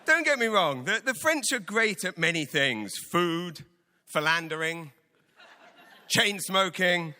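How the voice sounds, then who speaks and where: British man mocking in a bright voice. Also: sits high, lively intonation, takes it slowly. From Britain. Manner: mocking, punchy one-liners. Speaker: comedy debater. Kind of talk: stand-up debate speech. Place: theatre stage before a live audience. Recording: live hall with audience.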